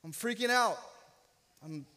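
Unhurried and expressive, this pastor's high-pitched voice sounds pushed and bright as he delivers a sermon. He's in his thirties and shares a personal story laced with humor and jokes at his own expense, all carried by the long reverb of the church sanctuary.

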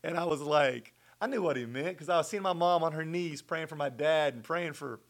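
A middle-aged man telling a personal faith story as a guest in conversation, earnest and animated. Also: on the high side, brisk. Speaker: guest sharing his testimony.

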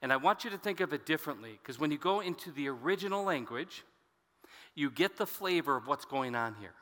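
A male pastor delivering an expository sermon, reading scripture and turning to the congregation with casual asides. His voice is bright and forceful, sitting a little high for a man. The sound carries a long reverb from a large hall. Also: lively intonation, fairly quick.

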